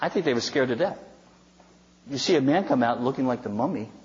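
A man's voice: mid-range voice, expressive, a little fast, darkish tone. A male pastor preaching a sermon, retelling scripture in a conversational, storytelling way with wry asides. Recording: dull sound with long hall reverb.

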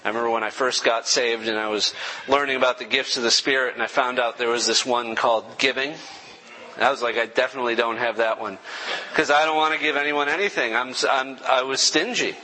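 A man's voice: mid-range voice, sharp tone, in a large hall, a little hiss or hum, low-quality recording. A young adult man, a pastor giving an earnest, self-deprecating sermon testimony that turns emotional at times.

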